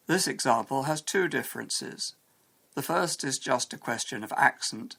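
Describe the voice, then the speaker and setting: Gravelly-voiced man explaining English. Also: mid-range voice, fairly bright tone. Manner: measured, explanatory. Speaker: English teacher. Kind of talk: scripted educational narration.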